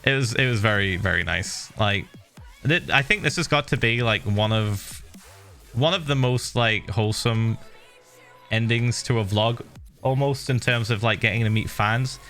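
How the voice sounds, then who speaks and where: A middle-aged man streaming, casually telling viewers a story with lively laughs and the odd swear. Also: lowish voice, normal speed, faint music behind.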